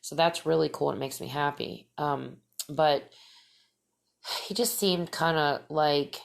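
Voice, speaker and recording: Low gravelly-voiced woman telling a story. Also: slow pace. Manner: rambling, many fillers and restarts. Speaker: podcast host. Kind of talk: casual personal storytelling.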